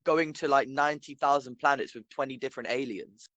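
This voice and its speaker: A man's voice: medium pitch, brisk, no room sound, highs cut off. A young man co-hosting a podcast, chatting casually with lots of swearing and frequent laughs. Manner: animated, swearing, laughs often. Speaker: podcast co-host. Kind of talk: casual chat.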